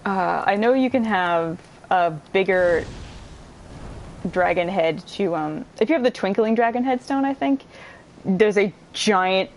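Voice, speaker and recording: A woman giving let's play commentary, excitable and giggly, swearing freely and chatting to her viewers and to enemies on screen. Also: mid-range voice, unhurried, a little hiss or hum, rough recording. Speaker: gamer streamer.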